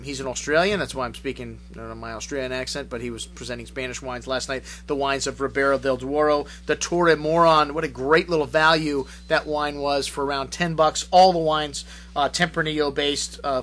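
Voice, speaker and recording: A middle-aged man hosting a wine show, chatting casually through wine reviews with frequent uhs and pauses. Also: medium pitch, pushed and bright, slight background noise. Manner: chatty, many uhs, lists wines. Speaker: wine shop host.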